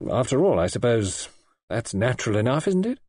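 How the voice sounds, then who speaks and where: A man's voice: medium pitch, sing-song, fairly quick, a little mellow, breathy edge, dry recording. A man reading an audiobook and voicing a troubled, evasive young husband in a clipped, offhand way. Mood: curt.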